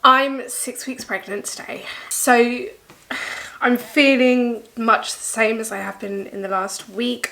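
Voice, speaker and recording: A young woman talking through her day in a casual personal vlog, emotional and tearful, speaking softly with frequent pauses. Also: a little high, vocal fry. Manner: emotional, teary, soft-spoken. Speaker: vlogger.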